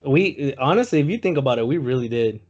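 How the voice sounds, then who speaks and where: A man's voice: medium pitch, expressive, fast, a little mellow, lo-fi sound. A man on a podcast, chiming in with short quips and reactions. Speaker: podcast co-host. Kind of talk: casual chat.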